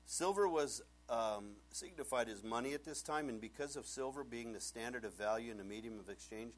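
A man's voice: mid-range voice, fairly quick. An older man preaching a sermon as pastor, telling stories with humor and acting out the characters. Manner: animated storytelling, acts out characters, humorous.

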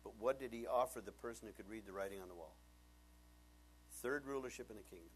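A man's voice: fairly low pitch, fast, a little hiss or hum. An older man preaching a sermon as pastor, telling stories with humor and acting out the characters. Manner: animated storytelling, acts out characters, humorous.

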